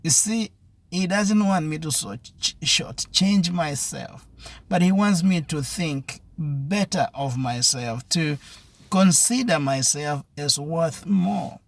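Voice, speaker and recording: A male preacher with a somewhat high, gravelly voice. He builds his message through earnest, repeated exhortations, pressing each point again and again. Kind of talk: devotional sermon.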